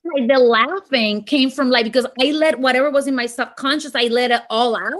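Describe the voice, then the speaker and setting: A woman in her thirties telling a comic story in casual chat, animated and laughing often, with lots of "like". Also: high voice, brisk. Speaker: guest storyteller.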